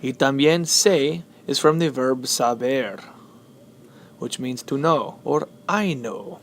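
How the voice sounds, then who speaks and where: A man teaching Spanish spelling and stress, switching between English and Spanish and repeating words slowly. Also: mid-range voice, slight background noise. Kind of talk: classroom explanation of Spanish spelling.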